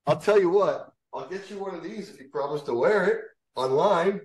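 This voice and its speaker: A man's voice: sits high, moderate pace, darkish tone, poor audio. A man co-hosting a trading show, bantering bluntly, teasing and swearing in casual talk.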